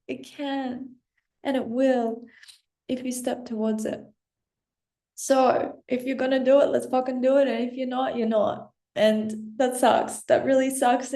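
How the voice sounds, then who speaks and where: A woman's voice: sits high, creaky, dark tone. Passionate, blunt woman coach in an echoey room. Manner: passionate, blunt, swears freely. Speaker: self-help coach. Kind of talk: direct-to-camera motivational talk.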